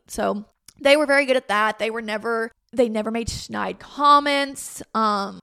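A woman's voice: on the high side, normal speed, creaky, no room sound, clean studio sound. Chatty young woman with a lilt. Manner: chatty, frequent "like", quotes herself and others in lively voices. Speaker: podcast host. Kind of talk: candid personal storytelling.

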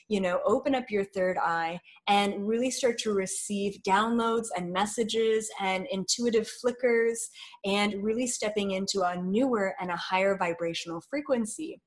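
A woman guest in an interview, talking in an earnest, flowing way with many fillers. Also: medium pitch. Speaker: spiritual guest. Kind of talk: spiritual interview talk.

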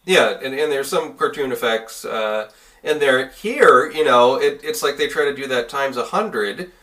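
A man's voice: medium pitch, a little slow, a bit bright, recorded from a distance. Man heard a bit off-mic. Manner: analytical, compares films with references. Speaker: podcast co-host. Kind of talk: casual film review chat.

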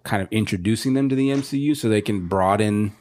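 A man co-hosting a podcast, giving easygoing, measured opinions in casual chat. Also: fairly low pitch, a little mellow, no echo. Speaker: podcast co-host.

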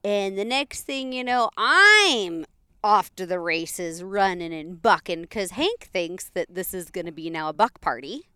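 A woman telling a story in casual chat, animated and laughing often, with playful sound effects. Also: mid-range voice, a little slow, clear, resonant tone, dry recording, clean studio sound.

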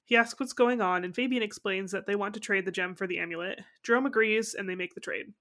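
A woman's voice: mid-range voice, fairly bright tone. Giggly young woman recapping a show. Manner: giggly, recaps scenes with quick quoted asides. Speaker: podcast co-host. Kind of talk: casual chat recapping a TV episode.

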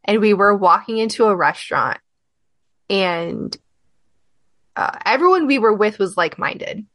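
A woman hosts a casual podcast chat at a middle pitch, blunt and unfiltered. Her stories come out plain and cheeky. The sound is close and dry, with no room around it. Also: expressive, a little slow, fairly bright tone, dry recording. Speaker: podcast host. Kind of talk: casual conversation.

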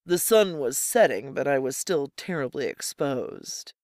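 Steady first-person story reader, dry sound. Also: mid-range voice, a little slow, no echo. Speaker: audiobook narrator.

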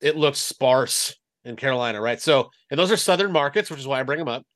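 Co-hosting a casual sports podcast, a sports reporter rambles and explains things, peppering his talk with "you know" and "like." His medium-pitched voice is fairly bright, with lively intonation and a slightly fast pace.

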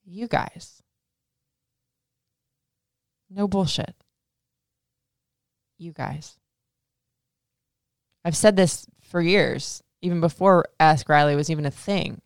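Woman podcast host, low smooth voice, frank and profane, emotional, lots of "like", dry close mic. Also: takes it slowly, pauses often, no echo. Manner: frank, profane, heavy use of "like". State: emotional, near tears. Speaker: podcast host answering listener questions. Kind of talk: casual Q&A podcast.

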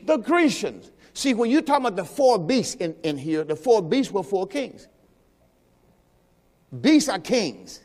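A man's voice: high-pitched, very animated, a little slow, darkish tone. A man preaching a sermon, teaching in a loose conversational way and quizzing his congregation. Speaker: pastor. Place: church sanctuary. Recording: long hall reverb.

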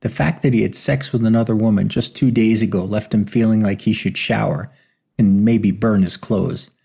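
A man reading an audiobook as narrator, with steady, even storytelling. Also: on the low side, normal speed, creaky, breathy edge. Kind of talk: scripted narration.

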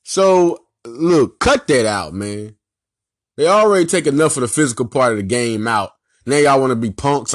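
Philadelphia-accented male podcast host, mid-pitch, animated slangy rant, dry close-miked sound. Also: normal speed, no echo. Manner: animated, emphatic, slangy, repeats himself. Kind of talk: casual sports rant.

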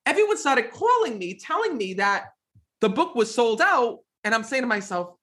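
A man being interviewed as a psychic medium, telling stories in a casual, animated way and often repeating "next thing you know.". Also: very high voice, normal speed.

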